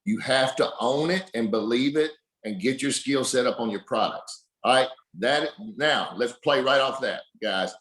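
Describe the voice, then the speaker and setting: A man's voice: medium pitch, normal speed, a bit bright, reverberant, poor audio. A man giving a motivational talk on a team call, earnest and rallying, repeating words for emphasis.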